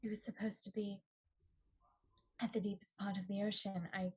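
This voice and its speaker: A woman's voice: medium pitch, level tone, moderate pace, a little mellow, husky. A woman playing a live tabletop role-playing game, rambling and giggling as she talks. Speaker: player. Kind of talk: casual in-character chat.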